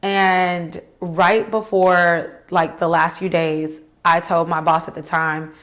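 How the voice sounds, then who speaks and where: A woman's voice: on the low side, little pitch movement, slow, a bit bright. A woman in her thirties telling a personal career story to her viewers, candid and emphatic, speaking to them directly. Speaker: career vlogger.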